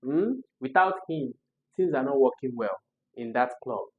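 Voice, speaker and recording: A tutor with a Nigerian accent explaining exam questions, chatty and quick to laugh, asking the listener rhetorical questions. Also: mid-range voice, lively intonation, narrow, tinny audio, a little hiss or hum.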